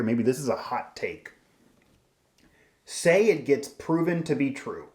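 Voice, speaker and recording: A man's voice: medium pitch, echoey room. A man hosting a sports show, giving emphatic, rambling opinion commentary with frequent restarts.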